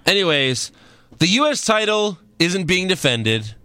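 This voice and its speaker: A man's voice: high-pitched, big pitch swings, measured pace, a crowd in the background. A man co-hosting a casual wrestling podcast, rambling through event recaps with a sarcastic edge. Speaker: podcast co-host.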